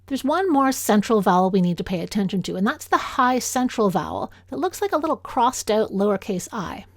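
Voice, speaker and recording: A woman with a Canadian accent, a linguistics instructor reading a lecture in a clear, measured way, slowing down to sound out example words. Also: mid-range voice, big pitch swings, no echo, clean studio sound. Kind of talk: scripted lecture narration.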